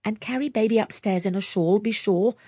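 A woman voicing a brusque, loud, scolding older landlady. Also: mid-range voice, a little fast, breathy edge, dry recording, clean studio sound, pitched above the performer's own voice, natural voice. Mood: bossy.

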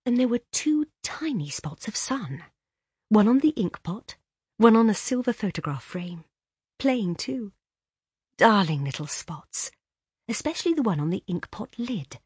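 A woman narrating a classic short story in an expressive, lilting way. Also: medium pitch, unhurried, slightly rough, dry recording, clean studio sound. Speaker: audiobook narrator. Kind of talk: scripted narration.

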